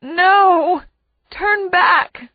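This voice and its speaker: A woman's voice: very high-pitched, drawn-out words, dry recording, narrow, tinny audio, pitched above the performer's own voice, exaggerated voice. A woman voicing a desperate captive mother in an audiobook, pleading and frantic.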